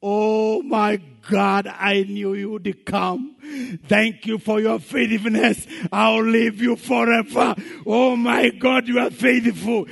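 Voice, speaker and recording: A man voicing a poor, pious woman who prays in loud, high, wailing cries. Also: level tone, slow, vocal fry, hardly any pauses, breathy edge, exaggerated voice. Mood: ecstatic thanks. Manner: wailing high-pitched prayers, crying out. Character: pious poor woman praying loudly, desperate and devout.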